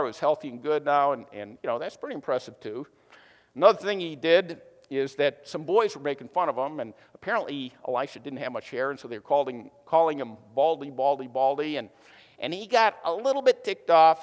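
A man giving a sermon in a relaxed, conversational way, often stumbling into fillers. His voice sits on the high side. It rings out with a long reverb, as in a large hall. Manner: casual, chatty storytelling with many fillers. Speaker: preacher.

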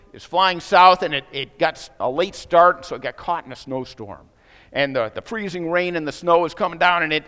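A male pastor preaching a sermon, telling a story and acting out the voices of people in it with rising excitement. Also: fairly high pitch, smooth, long reverb tail.

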